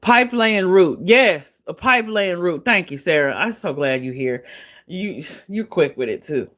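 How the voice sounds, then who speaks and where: Woman livestream host, casual gossip commentary; blunt, profane, chatty, quick to laugh. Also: fairly low pitch, expressive, a bit bright.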